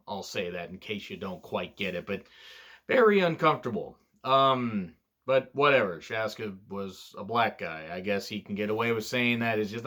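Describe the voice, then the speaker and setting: A young adult man who runs a wrestling fan YouTube channel reviews old wrestling events in blunt, profane, ranting commentary. His voice is on the low side and a bit bright, and his delivery is casual.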